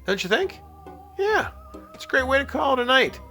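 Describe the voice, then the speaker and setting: Bright-voiced chatty male podcast host. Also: very high-pitched, big pitch swings, normal speed, faint music behind. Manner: chatty, upbeat, rambling with fillers and laughs. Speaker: podcast host taking phone calls. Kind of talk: casual radio-style chat and sponsor reads.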